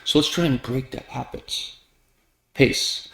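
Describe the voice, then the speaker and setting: A man reciting a well-known talk on speaking as practice, stuttering on first sounds and shifting loudness and pitch to make his points. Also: measured pace, creaky. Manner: lively, with big shifts in loudness and pitch for emphasis. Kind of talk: recited public speech. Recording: echoey room.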